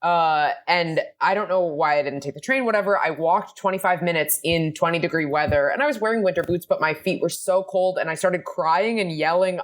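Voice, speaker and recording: A woman's voice: on the low side, brisk, few pauses. A young woman, a comedian guest on a podcast, telling a rambling, self-deprecating story in casual chat.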